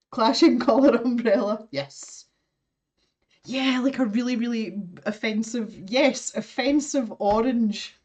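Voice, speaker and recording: A woman's voice: on the high side, takes it slowly, long pauses, darkish tone. A woman with a Scottish accent hosting an art live stream, chatting casually while she draws, laughing often and greeting viewers.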